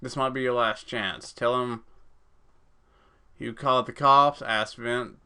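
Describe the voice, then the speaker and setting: Brief: male let's-play gamer, clear and bright, casual swearing while reading. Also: medium pitch, fairly even intonation, takes it slowly. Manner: casual, swears, stumbles over words. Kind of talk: reading a text game aloud with reactions.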